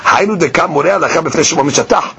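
Man, teaching Talmud; husky, high-pitched, quick delivery over a muffled lo-fi recording. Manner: explains Aramaic text line by line in English, animated. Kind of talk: daily Talmud lesson.

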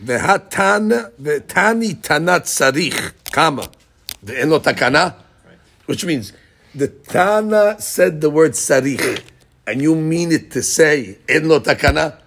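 A man leads a daily Talmud class, his voice pitched a bit high with a husky, gravelly edge. He keeps throwing rhetorical questions at his students and mixes Hebrew and Aramaic terms into his explanations. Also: lively intonation, slow pace, fairly bright tone. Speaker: Talmud teacher.

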